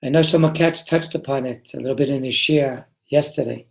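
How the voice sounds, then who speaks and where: A man's voice: mid-range voice, brisk, gravelly, reverberant. A man, a rabbi teaching a Torah class, who reads Hebrew text aloud, then explains it in English and asks his listeners questions. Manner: asks the group questions and answers them himself. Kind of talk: Torah class before a live group.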